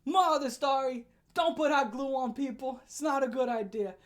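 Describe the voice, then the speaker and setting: A woman telling a storytime rant as a vlogger, animated and profane, breaking into loud laughing shouts. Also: high voice, fairly quick.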